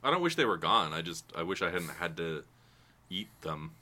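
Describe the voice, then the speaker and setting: A man's voice: low voice, big pitch swings, normal speed, pushed and bright. A man co-hosting a casual podcast, teasing his friend and laughing often. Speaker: podcast co-host.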